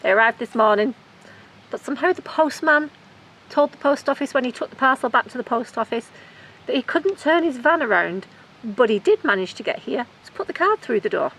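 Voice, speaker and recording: A woman's voice: sits high, animated, a little fast, fairly bright tone, breathy edge. A woman hosting her gardening vlog outdoors in the garden, chatting casually and enthusiastically and giggling often. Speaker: gardening vlogger. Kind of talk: casual chat.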